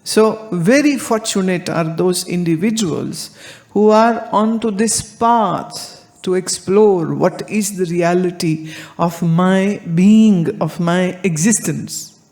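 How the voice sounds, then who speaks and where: Slow-spoken woman spiritual teacher. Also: lowish voice, a little mellow. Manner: deliberate, anecdotal, rhetorical questions. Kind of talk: spiritual discourse.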